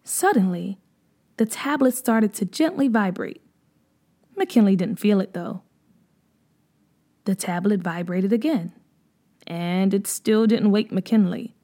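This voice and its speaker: A woman narrating a children's story in a gentle, measured read-aloud manner. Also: medium pitch.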